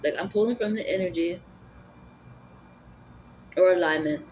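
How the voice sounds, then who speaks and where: Speaking at a normal speed with a medium-pitched, darkish voice, this spiritual vlogger thinks out loud, rambling casually and restarting often. Repeated fillers pepper her musings on energy and spirituality, and a faint hiss or hum sits under the recording.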